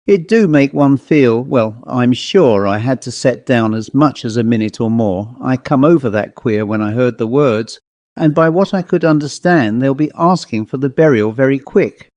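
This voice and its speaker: A man reading an audiobook and voicing a rector's flustered, chattering housekeeper in a higher, rustic voice. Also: normal speed, a little mellow, no echo, close to an everyday voice. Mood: agitated. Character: agitated woman, a rector's gossipy housekeeper.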